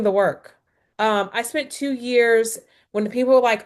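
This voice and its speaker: A woman's voice: fairly high pitch, measured pace. A woman wellness professional hosting a webinar, speaking candidly and acting out dialogue, heard over a video call. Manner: candid, expressive, acts out dialogue. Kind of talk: casual webinar chat.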